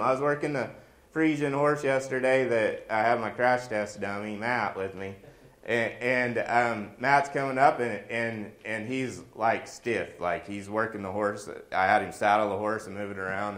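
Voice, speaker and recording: A man's voice: medium pitch, steady tone, normal speed, a bit bright. Folksy man preaching in an echoey room. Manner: folksy, joking, storytelling. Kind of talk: sermon with personal stories.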